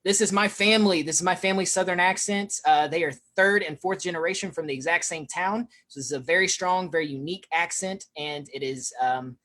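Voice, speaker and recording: A speaker gives a presentation on accents in a mid-pitched voice, hurrying through the points. The delivery is casual and full of "um"s and restarts. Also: a bit bright. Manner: rushed, with frequent fillers. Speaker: featured speaker.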